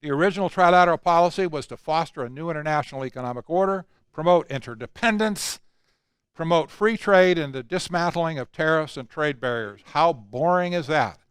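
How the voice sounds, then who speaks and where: An older man lectures to a room with emphatic, conversational delivery, slipping in asides along the way. His voice sits a bit high and comes across smooth and clear, with a dry, close sound. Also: brisk, no echo. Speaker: conference speaker. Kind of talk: lecture talk.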